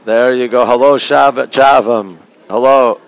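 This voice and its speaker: A man from Canada talks casually into a phone as he strolls through a museum gallery, greeting viewers one after another. He often keeps his voice low, and his pitch sits in the middle range. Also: fairly even intonation, a little slow, no room sound, low-quality recording. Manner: chatty, greets viewers by name, often softly spoken. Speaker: livestreamer touring a museum. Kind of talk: casual live-stream chat. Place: indoor art museum gallery. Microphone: phone held while walking.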